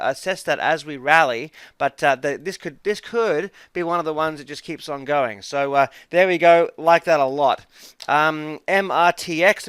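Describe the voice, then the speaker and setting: Upbeat, rambling, smooth-voiced man. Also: a little high, a bit bright, no room sound. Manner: rambling, many fillers and restarts; upbeat and chatty. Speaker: stock market commentator. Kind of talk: casual market commentary over charts.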